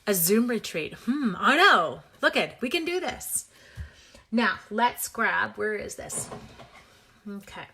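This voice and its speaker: A woman's voice: mid-range voice, very animated, takes it slowly, bright, forceful tone, husky. A woman from Canada hosting a live papercraft demo, chatty and playful, greeting viewers by name and adding little sound effects. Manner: playful sound effects, self-mocking humor. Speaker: papercraft demonstrator hosting a livestream. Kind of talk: casual live crafting demo.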